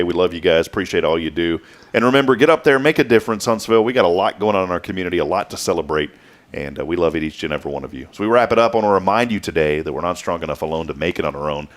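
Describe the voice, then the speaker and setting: A man's voice: low voice, animated. A man hosting a local morning talk show, upbeat and jokey in casual on-air chat. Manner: upbeat, jokey, talks fast.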